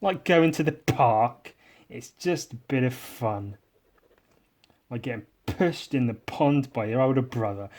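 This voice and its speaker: A man with an English accent, hosting a drawing podcast in casual, rambling chat, sarcastic and self-mocking, often trailing off quietly. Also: mid-range voice, a little slow.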